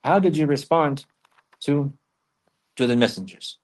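A man's voice: fairly high pitch, unhurried, a little mellow. A man teaching a religious lesson, reciting Arabic verses and then explaining them in English, often repeating phrases for emphasis. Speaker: Islamic teacher.

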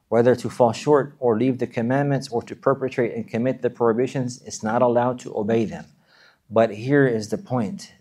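A man giving an earnest sermon, often repeating and restarting phrases and chanting short verses quickly. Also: medium pitch, darkish tone. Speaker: Islamic preacher.

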